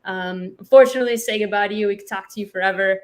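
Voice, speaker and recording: A woman from California co-hosting a stream over a video call, playful and quick to laugh. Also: mid-range voice. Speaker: co-host. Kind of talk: casual live-stream chat.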